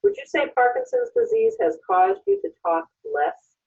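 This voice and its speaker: A woman speech therapist asking gentle, prompting questions in a clinical interview. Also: very high voice, very animated, moderate pace, vocal fry. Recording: thin phone-like sound from far off.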